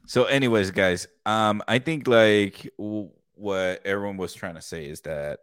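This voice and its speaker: A man's voice: on the low side, measured pace, hardly any pauses, fairly bright tone, clean tone, no echo, studio quality. A man co-hosting a podcast over a video call, talking casually with lots of fillers and frequent swearing. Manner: loose, swears a lot, filler-heavy. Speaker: podcast co-host.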